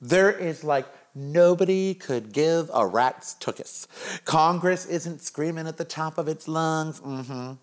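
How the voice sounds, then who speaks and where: A middle-aged man talks straight to the camera in a loose, sarcastic rant with a campy edge. His voice sits fairly high for a man. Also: slow. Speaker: host. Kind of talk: casual opinion monologue.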